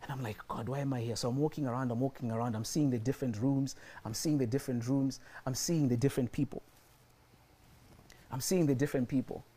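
A man's voice: mid-range voice, quick pace, mellow, breathy edge. A man preaching a sermon and telling a personal story, repeating his phrases for emphasis.

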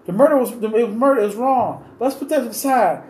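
Impassioned high-voiced man pleading. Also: brisk, darkish tone. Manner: pleading, repeats questions insistently; rambling with restarts. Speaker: vlogger giving his opinion. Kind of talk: impassioned unscripted monologue. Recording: roomy echo with faint ambient noise.

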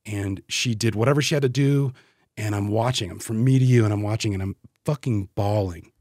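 A man talking on a podcast as a guest, heartfelt and halting, often repeating words as he searches for them. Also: fairly low pitch, a little mellow, no echo, clean studio sound. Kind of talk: casual podcast conversation.

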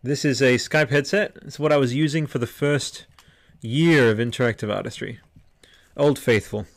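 A man's voice: mid-range voice, normal speed. A man hosting a podcast livestream, chatting casually and rambling with lots of fillers and restarts. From Australia. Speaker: podcast host. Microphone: headset microphone.

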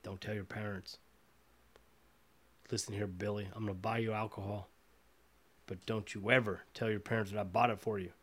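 A man voicing a sly uncle who warns his teenage nephew in a low, conspiratorial tone. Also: level tone, moderate pace, pauses often, slightly rough. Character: sly adult uncle warning a teen nephew.

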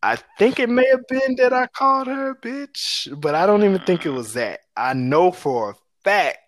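A young man telling a story in casual chat, animated, and acting out the people he quotes. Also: sits high, normal speed, no room sound.

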